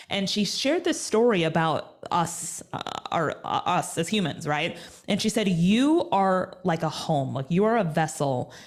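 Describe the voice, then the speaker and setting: A woman guest in an interview, talking in an energetic, emphatic, motivational way. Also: lowish voice. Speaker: guest, media personality. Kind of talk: conversational interview.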